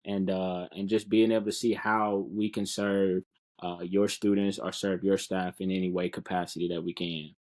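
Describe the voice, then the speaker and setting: A man's voice: deep voice, level tone, moderate pace, a little mellow. A man speaking as a guest in a casual podcast interview, earnest and encouraging, often repeating words while he finds them.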